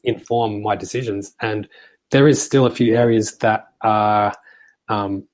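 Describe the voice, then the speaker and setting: A man with a fairly low voice talks through his thinking in a casual discussion. He is hesitant, feeling for each word before he goes on. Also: fairly even intonation, measured pace, a little mellow. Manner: hesitant, searching for words.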